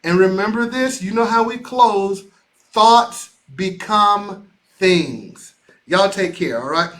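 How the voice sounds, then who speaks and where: A man hosting a motivational video call, leading listeners through affirmations in an energetic, preacher-like way, often repeating and shouting lines. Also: sits high, moderate pace. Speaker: association CEO hosting a weekly motivational show. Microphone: live video call.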